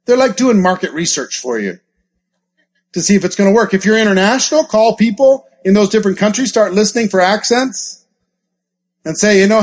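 A man with a high, light voice coaching an audience on sales. He talks in an animated way and acts out sample scripts with gasps and quick shifts in delivery. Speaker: sales trainer. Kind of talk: live training talk with role-play examples.

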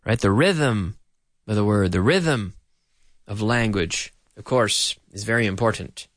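A man's voice: lowish voice, unhurried, dry recording, clean studio sound. A middle-aged man teaching an English lesson, playfully drilling words by repeating them with a rhythmic da-da-da. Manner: playful, animated delivery.

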